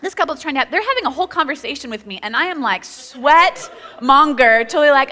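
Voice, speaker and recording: Woman pastor, high and sparkling, animated storyteller, recorded in a church hall with a long echo. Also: brisk. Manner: animated, laughing, acts out quotes. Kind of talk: storytelling sermon.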